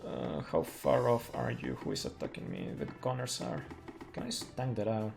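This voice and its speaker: A man giving casual live commentary on his speedrun of a game, chatty, full of fillers and quick laughs. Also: mid-range voice, big pitch swings, creaky. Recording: faint music behind. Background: faint game music.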